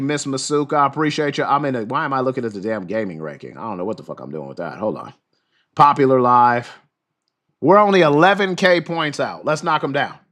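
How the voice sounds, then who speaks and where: A man hosting a livestream who reads news aloud and reacts in a loud, fired-up, profane way, losing his voice. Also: fairly high pitch. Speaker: livestream host. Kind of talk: livestream commentary and news reading.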